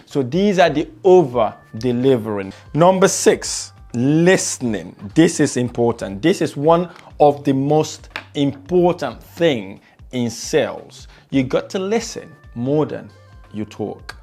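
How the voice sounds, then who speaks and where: A man teaching sales techniques as a trainer, shifting his pace and loudness to stress points and repeating words for emphasis. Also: mid-range voice, animated, slow, faint music behind. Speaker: sales trainer and property investor. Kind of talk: motivational sales lesson.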